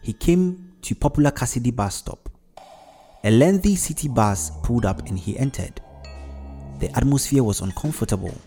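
Man narrating a story, steady and measured. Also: medium pitch, soft background music. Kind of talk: storybook narration with character voices.

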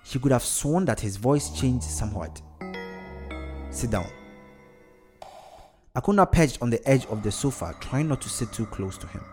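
Narrator: man, mid-pitched voice, steady scripted storytelling, faint background music. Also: a little fast, few pauses.

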